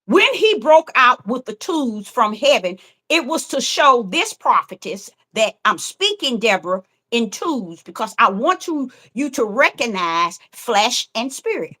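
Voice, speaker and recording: A middle-aged woman, a self-styled prophetess, preaches fervently online with rhythmic, repetitive emphasis. Her voice is a little high, pushed and bright, swinging widely in pitch at a measured pace.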